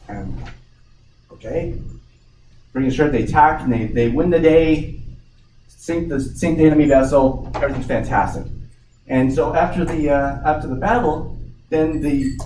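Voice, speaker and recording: A man's voice: medium pitch, measured pace, darkish tone. Man giving a rambling workshop talk. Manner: rambling with frequent restarts and light joking. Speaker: software implementation trainer. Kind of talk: workshop presentation. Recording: echoey room, distant mic, faint noise.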